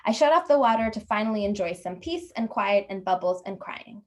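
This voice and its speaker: A woman reading her own humorous personal essay aloud at a workshop, wry and lively, voicing the people in it. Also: medium pitch, fairly quick. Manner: wry, lively storytelling with put-on voices for dialogue. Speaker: workshop reader.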